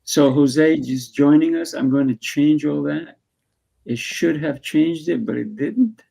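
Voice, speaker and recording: A man's voice: on the high side, a little slow, creaky, mellow, husky, rough recording. A man hosting a live online show, chatting in a loose, playful way. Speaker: show host. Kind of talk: casual live video-call chat.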